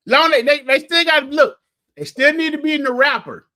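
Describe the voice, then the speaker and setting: A man's voice: very high-pitched, a little fast, sharp tone. A man cohosting a casual sports chat, teasing his partner and telling stories. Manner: storytelling, teasing, laughing.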